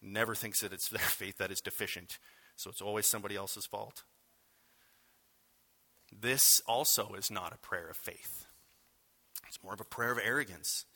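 A man's voice: fairly low pitch, normal speed, pauses often, sharp tone. A man giving a sermon as pastor, conversational and wry, with frequent asides to the congregation.

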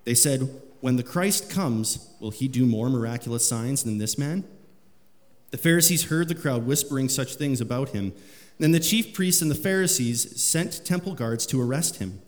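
Male pastor, mid-pitched voice, sermon in a church hall with long reverb. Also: expressive, normal speed. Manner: rises in pitch and volume when reading scripture aloud. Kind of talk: sermon with scripture reading.

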